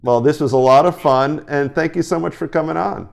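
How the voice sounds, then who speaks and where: Um homem que apresenta uma entrevista casual por chamada de vídeo e fala com entusiasmo, recomeçando as frases. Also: male voice, on the high side, gravelly. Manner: enthusiastic, talks in quick restarts. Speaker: interview host. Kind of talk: casual video-call interview. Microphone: video call.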